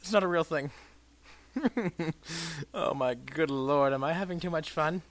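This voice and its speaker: A young man giving crude, profane commentary over a shooter game, swinging between mumbled asides and shouted bursts. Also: fairly high pitch, unhurried, dry recording. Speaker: gameplay commentator. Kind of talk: let's play commentary.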